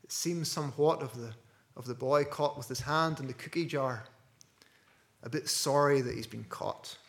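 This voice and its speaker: A man preaching a sermon earnestly, dropping to a hush and rising to loud stresses. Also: mid-range voice, normal speed. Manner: earnest, with wide swings between hushed and loud.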